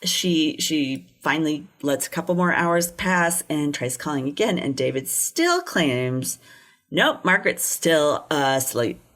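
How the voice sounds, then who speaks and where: Low-voiced woman telling a true-crime story. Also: sing-song, a little slow, few pauses. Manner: chatty, swears freely, quotes people in little voices. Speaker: podcast co-host.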